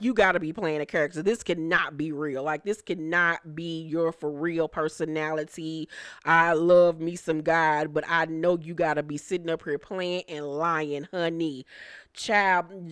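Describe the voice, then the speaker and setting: A woman's voice: fairly low pitch, fairly bright tone, no echo, clean studio sound. A woman giving a casual recap review of a reality show, brash and profane, laughing often.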